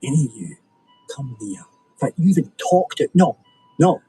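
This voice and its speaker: A menacing cop dad. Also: male voice, medium pitch, very animated, dark tone, husky, faint music behind, rough recording. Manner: menacing, slow, deliberate threats. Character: protective cop father threatening teen boys.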